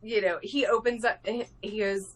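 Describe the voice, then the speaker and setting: A woman artist talking as a guest on a live video interview, excitable, swearing freely and laughing often. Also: mid-range voice, normal speed. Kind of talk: casual interview over a live video stream. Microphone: video call.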